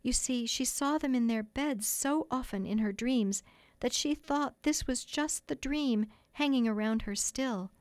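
A woman's voice: on the high side, measured pace, dry recording. Woman reading a storybook aloud. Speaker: audiobook reader. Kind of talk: storybook narration.

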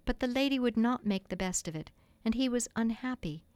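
A woman's voice: a little high, expressive, brisk, darkish tone, dry recording. Woman reading a storybook aloud. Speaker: audiobook reader. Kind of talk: storybook narration.

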